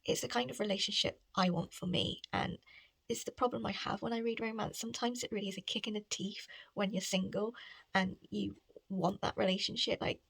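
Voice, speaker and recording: A woman's voice: mid-range voice, fairly even intonation, fairly quick, vocal fry, a bit bright, breathy edge, dry recording. A woman talking casually about her reading in a rambling, chatty way at home. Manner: rambling, chatty, lots of filler "like". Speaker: book vlogger. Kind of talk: casual reading vlog chat.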